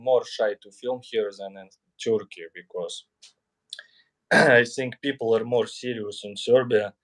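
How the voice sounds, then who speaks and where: A man's voice: mid-range voice, fairly even intonation, a little slow, fairly bright tone. A man streaming in a casual chat, hesitant and full of fillers. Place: in Serbia.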